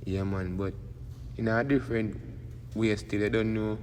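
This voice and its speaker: A man's voice: on the low side, fairly even intonation, normal speed, darkish tone. A man with a Jamaican accent giving rambling casual commentary as a YouTube host, tagging lines with "you see me". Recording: long reverb, faint background noise.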